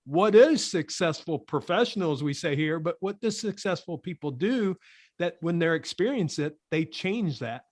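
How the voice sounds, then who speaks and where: A man with a fairly high voice hosts a podcast, recorded dry and close with no room sound. He asks casual questions that ramble and restart before he gets to the point. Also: animated, moderate pace, a little mellow, no room sound. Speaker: podcast host.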